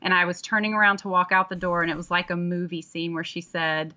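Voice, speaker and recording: A woman with a fairly low but bright, tense-edged voice, heard through muffled, lo-fi audio. She is a podcast guest who works as an ER nurse and tells her story in an earnest, thoughtful way. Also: little pitch movement, fast talker. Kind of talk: conversational interview.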